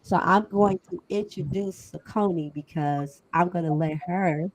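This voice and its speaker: A woman's voice: lowish voice, measured pace, darkish tone, low-quality recording. Emphatic middle-aged woman talk-show host. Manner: conversational, emphatic, preachy. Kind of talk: casual panel talk.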